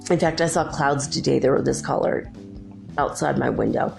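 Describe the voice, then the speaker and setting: A woman's voice: low voice, normal speed, vocal fry, a little mellow, faint music behind. A middle-aged woman hosting a spiritual talk show, telling a long story in a chatty, casual way, acting out what others said and laughing often. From California. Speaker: podcast host.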